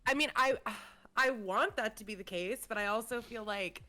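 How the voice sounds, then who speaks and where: A pregnant young woman co-hosting a podcast, chatting casually with quick asides. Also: on the high side, bright, forceful tone. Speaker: podcast co-host.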